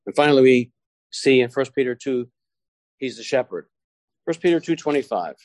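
A man delivers a sermon in a medium-pitched voice, recorded dry and close with little room sound. He slows down and leans on key phrases as he reads scripture, then settles back into an easy teaching tone. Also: animated, darkish tone, no room sound. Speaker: preacher.

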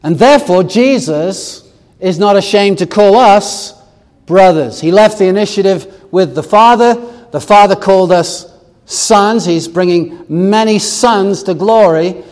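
A man's voice: high voice, unhurried, a little mellow, in a large hall. A man preaching a sermon, reading scripture aloud and explaining it verse by verse with touches of humor.

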